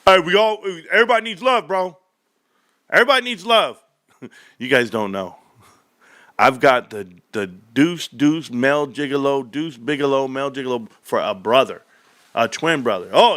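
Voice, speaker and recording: A man hosting casual stock market commentary, animated and joking, calling his viewers bro. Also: medium pitch, moderate pace, no echo. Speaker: stock market video host.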